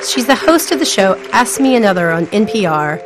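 A woman hosting a radio storytelling show, reading calm, measured introductions. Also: mid-range voice. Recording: radio host over music and applause.

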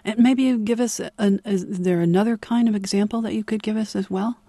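A radio interviewer asking slow, measured questions. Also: mid-range voice, steady tone, dark tone, no room sound.

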